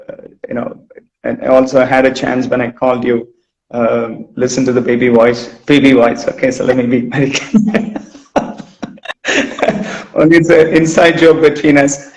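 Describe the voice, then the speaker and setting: A man hosting an interview as a running coach, rambling and restarting with repeated words. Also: mid-range voice. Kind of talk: casual interview chat. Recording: roomy echo.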